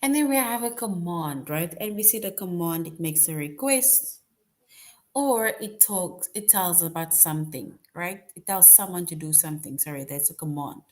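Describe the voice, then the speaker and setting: A woman's voice: fairly low pitch, lively intonation, moderate pace, darkish tone. A woman teaching a grammar lesson to young children, patient and repetitive, often checking in with "right?". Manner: patient, repeats points, frequent "right?" checks.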